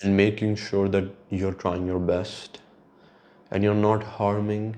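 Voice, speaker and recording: A man's voice: fairly low pitch, flat delivery, slow pace, mellow. A young man hosting a podcast, talking in a reflective, rambling monologue and swearing casually. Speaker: podcast host.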